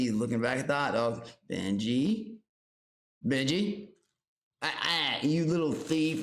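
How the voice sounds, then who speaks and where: Loud excitable streamer man. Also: mid-range voice. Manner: loud, excitable, swearing, talks to his pet monkey and chat. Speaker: livestream host. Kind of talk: casual livestream chat. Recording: roomy echo, faint background noise.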